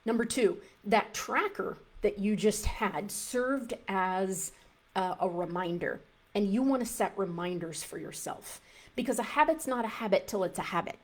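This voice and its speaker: A woman's voice: medium pitch, normal speed. A woman dietitian coaching a live group in a conversational way, often restarting phrases and acting out an inner voice.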